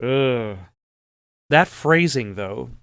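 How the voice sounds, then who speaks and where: A man gives casual gameplay commentary, reading the game text aloud and adding wry asides. His voice is smooth and resonant. The sound is dry and close. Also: mid-range voice, lively intonation, extremely slow, a bit bright, no echo. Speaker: let's play host.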